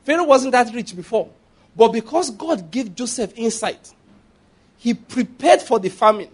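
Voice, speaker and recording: A man's voice: very high-pitched, animated, normal speed, slightly rough. A man, preaching a sermon in a conversational way, with asides and call-and-response. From Nigeria.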